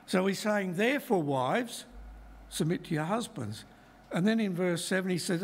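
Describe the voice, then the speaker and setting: A middle-aged man giving a Bible talk to a congregation, measured and emphatic as he works through verses. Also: sits high, expressive. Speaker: lay preacher.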